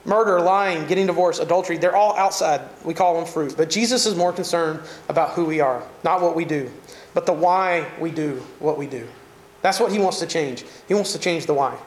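Man, Southern American accent, pastor, conversational sermon, high pitch, echoey room. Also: brisk, a little hiss or hum. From Southern United States. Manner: animated, conversational preaching with jokes and asides.

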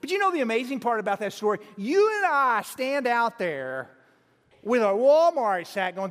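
A man preaching a sermon, telling a story in a folksy, animated way with frequent restarts, in a church sanctuary. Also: sits high, moderate pace. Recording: long hall reverb.

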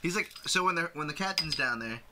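A man's voice: on the high side, expressive, quick pace, noisy background. A man co-hosting a casual movie podcast, rambling with many fillers and crude jokes. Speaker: podcast co-host.

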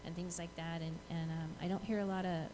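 Halting woman with a low, flat voice. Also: noisy background. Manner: halting, many ums and restarts. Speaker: audience member asking a question.

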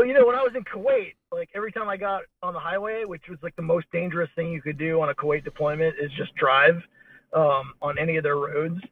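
A man in casual chat, telling rambling stories in a wry, blunt way over a call. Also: a little high. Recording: tinny phone line.

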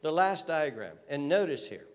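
A man preaching a sermon in earnest, with many restarts and repeated words, rising in pitch when he stresses a point. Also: very animated, moderate pace. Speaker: pastor. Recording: long hall reverb.

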